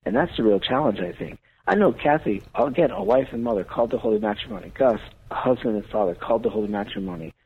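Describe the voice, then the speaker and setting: A man's voice: on the low side, animated, quick pace, hardly any pauses, husky. A man, a priest, talking earnestly on a radio talk show with a preaching cadence. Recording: tinny phone-line radio audio.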